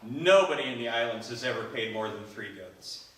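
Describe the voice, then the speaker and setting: A man's voice: medium pitch, moderate pace. A man telling a story live to an audience, acting out the characters' lines. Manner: animated, acts out the characters' lines. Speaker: storyteller at a speaking event. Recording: echoey hall, voice from a distance.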